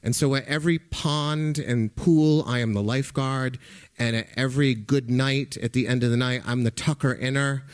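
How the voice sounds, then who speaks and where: A man's voice: medium pitch, steady tone, moderate pace, smooth. A middle-aged man telling a first-person story live on stage into a microphone, with conversational delivery and dry comic timing. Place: music hall stage before a live audience.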